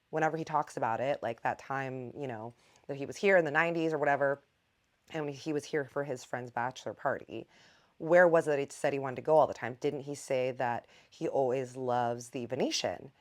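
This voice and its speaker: A woman with a low, deep voice tells a story to her viewers. She is chatty and animated and talks straight to them. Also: brisk. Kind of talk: casual storytime vlog.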